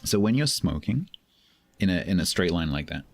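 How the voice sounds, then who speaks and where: A man's voice: deep voice, very animated, moderate pace, creaky, darkish tone, soft background music. A man, coaching a newer player during a casual game stream and explaining step by step. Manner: explains patiently, restarts and searches for words. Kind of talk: casual gaming stream chat.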